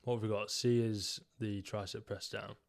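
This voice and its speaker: Young man, fairly low voice, opinionated, joking, casual podcast co-host. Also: little pitch movement, moderate pace, gravelly. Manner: opinionated, joking, leads the ranking. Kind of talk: casual gym chat.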